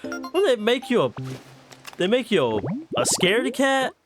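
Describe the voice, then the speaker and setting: A young adult man streaming gameplay live, excitable and loud with laughter and swearing. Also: very high-pitched, normal speed, music in the background.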